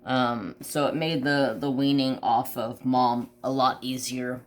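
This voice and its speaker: A man's voice: medium pitch, steady tone, measured pace. A man hosting a crafting channel, telling a long personal story in casual chat, swearing freely and restarting his sentences.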